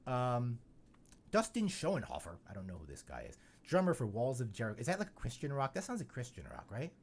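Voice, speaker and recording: Gravelly rambling man, lively pitch. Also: a little fast. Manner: rambling and joking, heavy on fillers like "you know". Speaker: podcast host. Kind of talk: casual chat.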